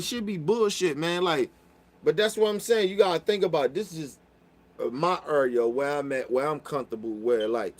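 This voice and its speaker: A young man telling a story in casual chat, profane and animated, getting loud when riled up. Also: medium pitch. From Baltimore.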